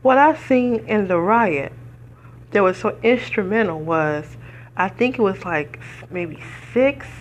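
With lively intonation at a measured pace, a mid-range female voice carries earnest, preacherly commentary on her podcast as she fights back tears. She's from the United States, the talk is emotional and personal, and there's a little hiss or hum in the audio.

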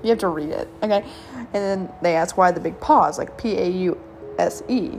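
A woman's voice: fairly low pitch, moderate pace, a little mellow, a little hiss or hum. A woman hosting a casual solo podcast, reading jokes aloud with frequent giggles and stumbling over the punchlines. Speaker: podcast host.

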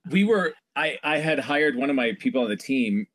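A man, a hairstylist guest, telling lively backstage stories in a casual interview and acting out the people he quotes. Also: medium pitch, normal speed. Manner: animated storyteller, acts out quoted voices.

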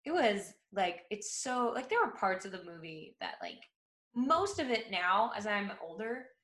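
A woman's voice: medium pitch, huge pitch swings, unhurried, a bit bright, reverberant. A woman in her thirties co-hosting a podcast, chatty and laughing as she tells stories and acts out quotes. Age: 30s. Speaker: podcast co-host. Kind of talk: casual chat.

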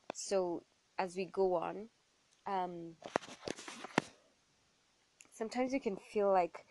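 A woman hosting a podcast, talking earnestly in a halting way, with many fillers and restarts. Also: lowish voice, a little mellow, no echo, low-quality recording. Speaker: podcast host. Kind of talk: casual spiritual monologue.

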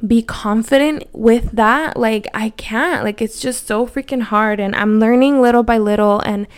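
Unhurried and clean in tone, this woman's voice sits fairly high. She's in her thirties and hosts a podcast, pouring her heart out candidly in a personal monologue packed with fillers, her voice cracking with emotion.

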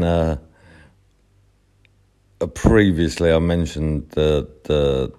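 A man tells a casual story in an unusually deep, dark voice. He speaks slowly and meanders with fillers and restarts. The effect is a relaxed, unhurried monologue. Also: gravelly. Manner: rambling, halting, full of fillers and restarts. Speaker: podcast storyteller.

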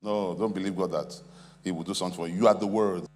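A man's voice: sits low, fairly even intonation, fast talker, darkish tone. A man preaching a sermon as pastor, emphatic and repetitive, calling on the congregation to respond. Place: large convention hall. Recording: reverberant hall, faint hum.

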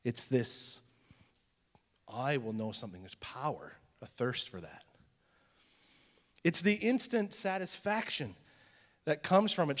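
A male pastor preaching a sermon in a conversational teaching style, dropping to a hushed voice for emphasis. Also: on the high side, in a large hall.

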